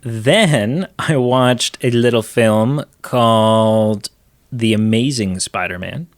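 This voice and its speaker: A man co-hosts a podcast, talking through movies in a loose, excited ramble full of restarts. His voice sits at a middle pitch. The sound is dry and close. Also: slow pace, no echo. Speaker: podcast co-host. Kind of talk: casual movie chat.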